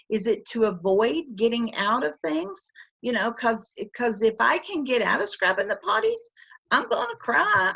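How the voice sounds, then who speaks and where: A woman's voice: on the high side, a bit bright. A woman presenter giving conversational teaching advice on a video call, emphatic and repeating phrases for stress. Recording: dull lo-fi webinar audio.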